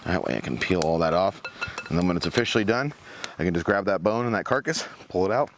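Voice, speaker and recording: A man's voice: low-pitched, fast, slight background noise. A man hosting an outdoor vlog, chatting casually to the viewers while camping by a fire in the forest. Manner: relaxed, chatty, talks to the viewers.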